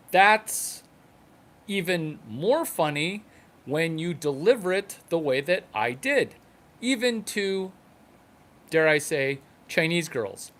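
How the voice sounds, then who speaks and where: A man doing a stand-up comedy monologue, delivered in halting phrases and short numbered points. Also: fairly high pitch, big pitch swings, fairly bright tone.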